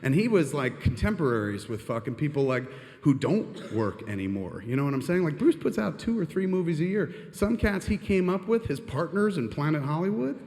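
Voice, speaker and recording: A middle-aged filmmaker telling comedic stories on stage, profane, rambling and self-deprecating, in a reverberant live hall. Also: male voice, a little high, big pitch swings, fairly quick, a little mellow. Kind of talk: comedic storytelling monologue.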